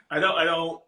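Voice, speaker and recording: Bright-voiced man with a Maine accent. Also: a little high. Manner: chatty, laughs easily, self-interrupting. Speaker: guest. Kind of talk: casual podcast chat.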